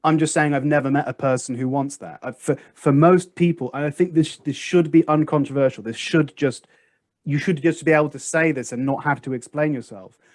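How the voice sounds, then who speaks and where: A man hosting a casual podcast discussion, making his points emphatically and acting out past conversations with lively storytelling. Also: fairly high pitch, a little fast, dry recording. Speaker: podcast host.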